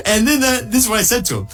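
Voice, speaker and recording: Animated man sharing a mission testimony, with faint music underneath. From United States. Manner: excitable, jumps high when quoting people, laughs through the telling.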